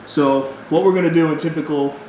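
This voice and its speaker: A man hosting a casual podcast, loud and excitable, swearing often in easy banter. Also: fairly high pitch, brisk. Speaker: podcast host. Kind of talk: casual chat. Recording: echoey room with faint noise.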